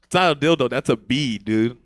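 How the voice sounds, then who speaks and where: A man's voice: medium pitch, fairly quick, no room sound. A man doing a crude stand-up comedy set, swaggering and laughing at his own jokes.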